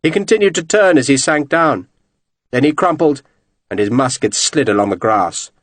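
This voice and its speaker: A man narrating an audiobook in an expressive, dramatic reading style. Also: mid-range voice, moderate pace, dry recording.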